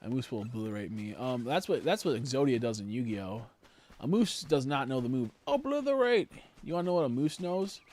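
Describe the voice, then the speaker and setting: A young man chatting idly on a game livestream. His voice sits at an ordinary middle pitch. He rambles and jokes, swinging from loud excited bursts to low mutters. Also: fairly quick, dry recording. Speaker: streamer. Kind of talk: casual livestream chat while gaming.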